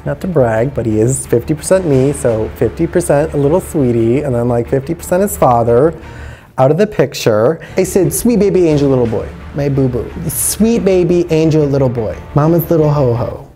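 A male comedian playing a paranoid, overprotective middle-aged mother who frantically spins wild theories and lets out shrill outbursts. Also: animated, normal speed, dark tone, faint music behind, lightly acted. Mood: frantic. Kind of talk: comedy sketch acting.

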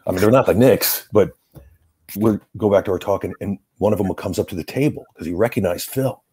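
A middle-aged man, a guest actor, telling lively anecdotes in a casual interview and laughing between lines. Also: fairly low pitch, brisk, slightly rough, dry recording.

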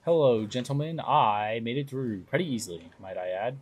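Low-voiced young man streaming a game. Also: moderate pace, breathy edge. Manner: chatty, bursts into loud excited exclamations. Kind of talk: live gameplay commentary.

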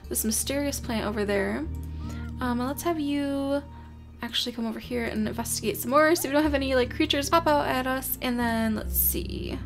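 Young woman host, high voice with vocal fry, fussing over her game creatures as she plays. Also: moderate pace. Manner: chatty, talks to her game creatures, easily flustered. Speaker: gaming channel host. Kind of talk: casual let's-play commentary. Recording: soft music behind.

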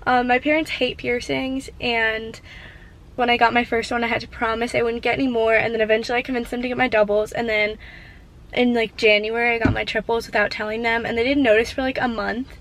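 A woman's voice: a little high, little pitch movement, fairly quick, a bit bright, poor audio. A young woman talking casually to her viewers from a parked car, chatty and nervous, with lots of "like". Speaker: vlogger. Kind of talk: casual vlog chat.

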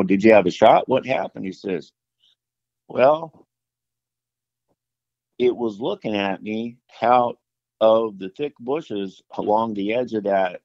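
A man's voice: fairly low pitch, no echo. A middle-aged outdoorsman telling a story casually, rambling with fillers and restarts and acting out the dialogue. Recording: dull lo-fi dry sound.

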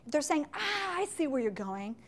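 A woman leading a live leadership and sales workshop in a meeting room, chatty and playful, with quick asides and acted-out examples. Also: sits high, sing-song. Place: meeting room with window blinds.

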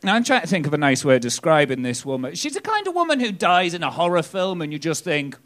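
A man's voice: high voice, animated, fairly quick, fairly bright tone. A man from northeast England with a Hartlepool accent, doing a cheeky, sweary live stand-up set and tagging jokes with "right?". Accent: northern English, Hartlepool. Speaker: stand-up comedian. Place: comedy club stage.

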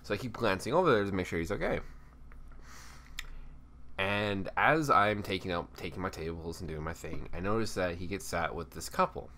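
Casting: young guy from Texas, deep voice, chatty vlog storyteller who acts out the people he talks about. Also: slight background noise. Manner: animated, acts out coworkers and guests in quick put-on voices. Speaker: YouTuber telling a work story.

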